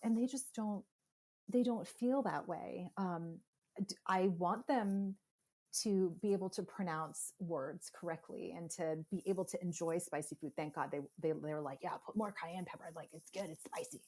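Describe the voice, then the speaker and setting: A woman in her forties telling animated stories in a casual interview, acting out other people's voices as she goes. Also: on the low side, moderate pace. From United States. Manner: animated storyteller, acts out quoted voices. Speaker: podcast guest, psychotherapist.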